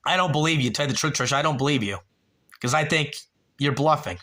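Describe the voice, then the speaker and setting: A man hosting a livestream and rambling at his viewers, calling them by name and swearing freely. His voice has a bright edge, and he circles back on himself often. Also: a little high, fast talker. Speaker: livestream host. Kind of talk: casual livestream chat answering viewers.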